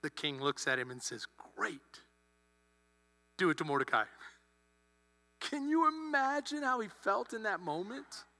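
Animated high-voiced pastor preaching. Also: male voice, unhurried, long pauses. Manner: animated, acts out characters' lines. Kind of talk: sermon storytelling. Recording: long hall reverb with mains hum.

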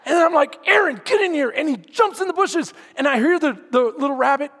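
A preacher from San Antonio, Texas, telling a story in a sermon to his congregation, animated and often shouting, then quiet and earnest. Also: very high voice, fairly quick. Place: large hall, speaking to a congregation. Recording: long hall reverb.

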